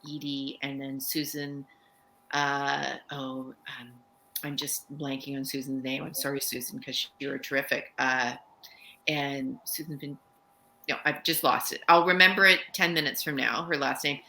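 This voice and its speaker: A woman's voice: extremely low pitch, little pitch movement, normal speed, bright, forceful tone, a little hiss or hum, low-quality recording. A middle-aged woman author on a video call, talking thoughtfully and searching for her words. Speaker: author guest. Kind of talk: casual interview chat.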